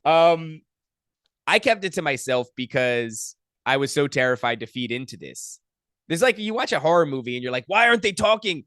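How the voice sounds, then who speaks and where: Bright-voiced man telling a wild story. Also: medium pitch, normal speed, clean tone, dry recording, studio quality. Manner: profane, animated storytelling. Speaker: podcast guest. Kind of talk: casual storytelling.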